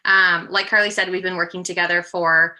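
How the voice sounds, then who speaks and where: A woman's voice: lowish voice, flat delivery, brisk, bright, forceful tone. A woman in her thirties, slightly out of breath, presenting casually on a video call with an upbeat, chatty manner and frequent ums. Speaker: guest presenter, project manager. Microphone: computer mic on a video call.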